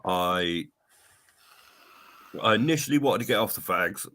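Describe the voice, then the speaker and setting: A man's voice: lowish voice, animated, a little slow, pushed and bright. A man answering interview questions as a guest, hesitating often with ums.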